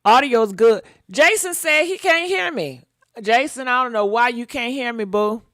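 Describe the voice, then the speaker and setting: A woman's voice: fairly high pitch, lively intonation, normal speed, a bit bright, dry recording, clean studio sound. A woman hosting a casual gossip livestream, talking bluntly and answering viewers' comments as they come in.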